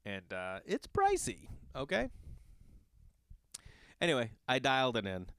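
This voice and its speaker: A man who is a father, hosting a podcast and telling a long casual story in an animated, exasperated and profane way. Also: medium pitch, a little slow, clear, resonant tone, no room sound. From Los Angeles area. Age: adult with children. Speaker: podcast host.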